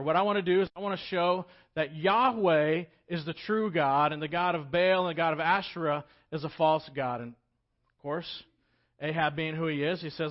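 This man, a pastor, has a fairly high voice and speaks at a normal speed. His casual storytelling sermon is conversational, swinging between loud emphasis and hushed moments, captured with lo-fi sound.

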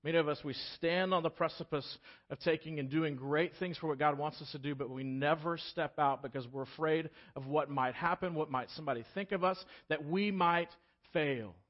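A man preaching a sermon as pastor, acting out voices from the scripture story in an animated way. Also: a little high, moderate pace, dull audio. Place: church sanctuary.

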